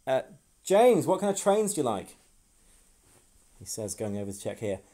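A young man hosting a casual livestream as a hypnotist, teasing and playful, giving slow, measured trance cues. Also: medium pitch, sing-song, dark tone. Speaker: stage hypnotist and stream host. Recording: roomy echoey room.

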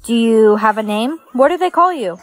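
A woman's text-to-speech voice playing a friendly young man in a flat, synthetic way. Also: on the high side, normal speed, natural voice.

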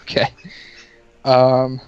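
A man running a tabletop game as dungeon master, narrating the action and calling turns with a relaxed, laughing manner. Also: medium pitch, very slow, clear, resonant tone, no room sound. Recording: dull lo-fi sound with faint music.

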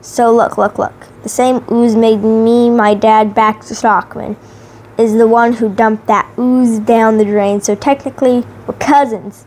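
Storybook read-aloud: a woman reading a slangy, chummy male fly-monster gang boss, slow and a little high. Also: steady tone, a little mellow. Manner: slangy, laid-back and friendly. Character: big brash male fly mutant boss.

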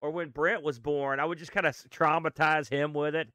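A man's voice: fairly high pitch, brisk, few pauses, sharp tone, no room sound, clean studio sound. A man co-hosting a casual podcast, playful and ribbing the others. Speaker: podcast co-host. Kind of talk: casual chat.

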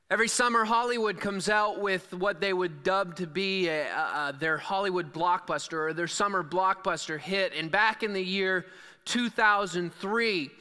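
A man's voice: high-pitched, normal speed, sharp tone, smooth. A man preaching a sermon as pastor, reading scripture and then talking conversationally with small fillers and restarts. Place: church sanctuary. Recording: long church hall reverb.

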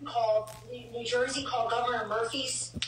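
A woman's voice: a little high, steady tone, normal speed, crowd noise. A woman scolding her teenager at home, accusatory and sarcastic. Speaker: parent arguing with her teenager. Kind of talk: heated private argument. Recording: echoey room picked up from far off with loud noise.

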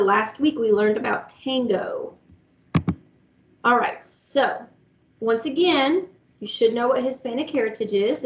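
A woman, a music teacher giving an upbeat online lesson to young children. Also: on the high side. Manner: upbeat, talks to kids directly with lots of "guys" and "all right".

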